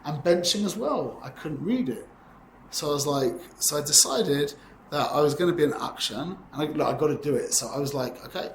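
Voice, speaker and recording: A man's voice: a little high, animated, a little fast, slight background noise. Man in his forties teaching, roomy echo. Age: 40s. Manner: rambling, conversational, peppered with "yeah?" checks. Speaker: Torah teacher. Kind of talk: informal class lecture.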